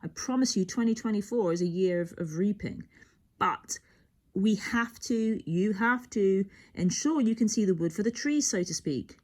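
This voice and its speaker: A woman's voice: mid-range voice, expressive, moderate pace, a little mellow. A woman talks through a tarot reading with a voice that rises and falls a lot. She rambles and muses, restarts her sentences often, and sometimes sinks almost to a whisper. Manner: rambling, musing, self-interrupting. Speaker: tarot reader.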